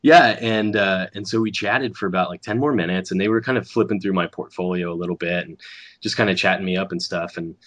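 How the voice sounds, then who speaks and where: A man, an animator, telling a story in casual conversation, acting out the other people's lines with quick restarts. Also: low-pitched. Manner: animated, acts out quoted voices, restarts often. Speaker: animator guest.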